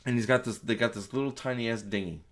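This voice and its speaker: A man's voice: mid-range voice, fast talker. A man ranting through a spoiler movie review, exasperated, profane and rambling.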